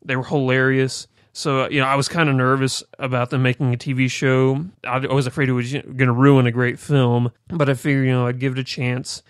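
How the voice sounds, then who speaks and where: A young man hosting a casual podcast, joking with friends and giving a relaxed TV review. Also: medium pitch, a little fast, few pauses, clean tone, no echo, clean studio sound. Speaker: podcast host.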